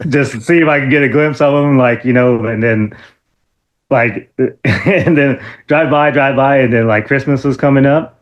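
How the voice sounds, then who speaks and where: A man guest in an interview, telling stories in a casual, lively way, laughing often and full of fillers and restarts. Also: normal speed, dull audio. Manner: animated, acts out quotes in a high excited voice. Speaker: interview guest, former wrestler.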